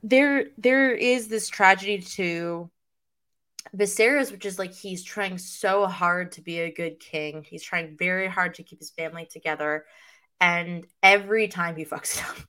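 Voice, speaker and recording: A woman chatting on a podcast, enthusiastic and halting, with many fillers and restarts. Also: lowish voice, bright, forceful tone, clear, resonant tone. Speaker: podcast co-host. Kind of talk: casual chat.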